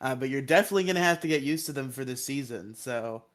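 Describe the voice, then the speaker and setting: A man in relaxed podcast chat, walking through a plot with frequent laughter. He throws in goofy voices when he quotes characters. His pitch sits right in the middle. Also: quick pace. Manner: laughs often, acts out quotes in silly voices. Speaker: podcast co-host recapping episodes. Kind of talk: casual chat, episode recap.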